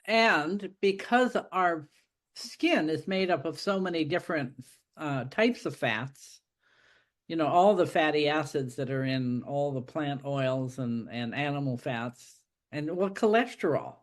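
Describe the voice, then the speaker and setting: A woman's voice: low-pitched, animated, measured pace. Musing woman host thinking aloud. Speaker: host and author. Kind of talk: casual conversation.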